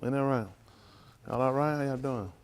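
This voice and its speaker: A man's voice: mid-range voice, fairly even intonation, normal speed. Folksy preacher man joking with the congregation. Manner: folksy, joking, calls out to the crowd. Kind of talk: casual sermon banter with the congregation.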